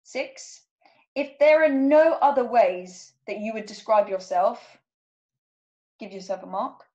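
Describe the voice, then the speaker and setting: Higher-voiced woman coach, muffled lo-fi sound. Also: takes it slowly, mellow. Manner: checks in with frequent "okay?"; reads out numbered statements. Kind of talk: workshop talk.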